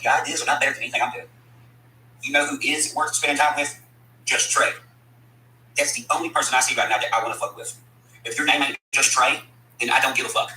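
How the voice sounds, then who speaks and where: A man's voice: medium pitch, bright, forceful tone, roomy sound, a little hiss or hum, poor audio. A man delivering a blunt, profane, combative rant at his critics, speaking as a country rapper. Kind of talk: angry profane rant to camera.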